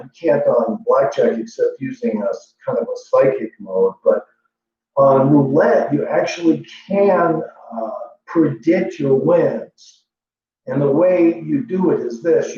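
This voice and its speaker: A man's voice: on the high side, warm tone. A man rambling in a boastful, profane, meandering casual monologue as a livestream host. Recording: echoey lo-fi room from far off with faint hum.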